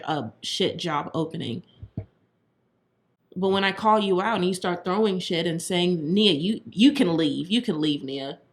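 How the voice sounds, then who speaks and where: A woman co-hosting a podcast in casual chat, getting heated and swearing as she vents. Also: lowish voice. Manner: heated, swearing, talks fast when worked up. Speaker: podcast co-host.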